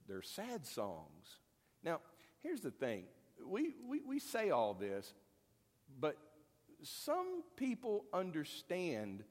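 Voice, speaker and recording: A man delivers a folksy, conversational sermon, wandering into stories and jokes with plenty of ums and restarts. His pitch swings widely, and his voice carries a long reverb from the hall. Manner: folksy, storytelling, many fillers and restarts. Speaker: pastor.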